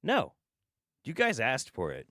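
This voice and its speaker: Sarcastic, animated man, dry close mic. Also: mid-range voice, a little slow, no echo. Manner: sarcastic, swears a lot, laughs often. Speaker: streamer reacting to clips. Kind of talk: casual profane commentary.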